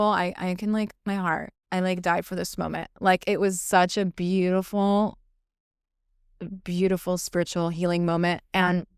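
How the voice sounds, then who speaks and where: A woman's voice: mid-range voice, clean tone, dry recording, clean studio sound. A young woman hosting a podcast, telling a personal story in a gushing, casual way, peppered with "like" and swearing. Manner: gushing, heavy filler "like", frequent swearing. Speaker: podcast host.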